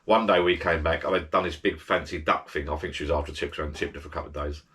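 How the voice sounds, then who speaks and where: A man's voice: a bass voice, fairly even intonation, quick pace, fairly bright tone. A man giving rambling, chatty holiday advice as a travel vlogger, full of restarts and asides. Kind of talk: casual holiday advice chat.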